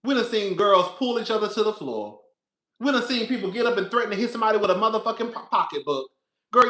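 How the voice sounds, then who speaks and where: A man's voice: sits high, bright, forceful tone, roomy sound, low-quality recording. A man reviewing a reality show, over-the-top and dramatic, swearing freely and swinging from hollering to whispering. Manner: profane, chatty, calls listeners "girl". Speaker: TV recap vlogger.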